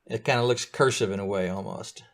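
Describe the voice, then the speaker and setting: A man's voice: on the low side, fairly quick. A middle-aged man teaching beginners to code, walking through steps patiently and often checking that his students are keeping up. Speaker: coding teacher. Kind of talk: live beginner coding lesson.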